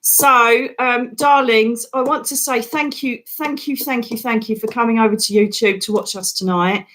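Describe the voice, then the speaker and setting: A woman's voice: on the high side, steady tone, normal speed, a bit bright. A woman psychic medium, hosting live readings in an emotional, affectionate way. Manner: emotional, affectionate, says darling.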